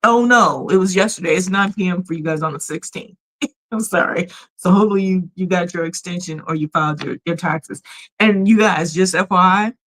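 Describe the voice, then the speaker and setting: A woman's voice: on the low side, brisk, a bit bright, rough recording. Woman with a radio voice. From United States. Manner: chatty, emphatic, often laughs and reads chat messages aloud. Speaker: livestream host. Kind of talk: casual livestream chat.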